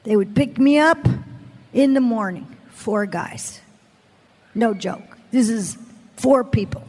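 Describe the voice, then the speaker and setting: In a long hall reverb, a woman preaches a sermon as a personal testimony, dramatically telling her story and acting out the people she quotes. Her voice is a little high and a little mellow, and she speaks slowly.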